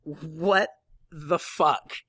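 Male co-host, bright and slightly high voice, excitable casual recap delivery. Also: drawn-out words. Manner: excitable, recounts with quoted lines. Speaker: podcast co-host. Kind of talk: casual wrestling recap chat.

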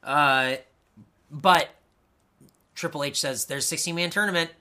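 A man's voice: on the high side, unhurried, sharp tone. A man co-hosting a casual wrestling podcast, sarcastic and swearing, mocking the shows with impressions. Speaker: podcast co-host.

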